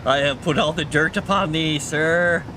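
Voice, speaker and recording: A man voicing his friendly male house cat in a slow, lower put-on voice. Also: background noise, close to an everyday voice. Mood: cheerful.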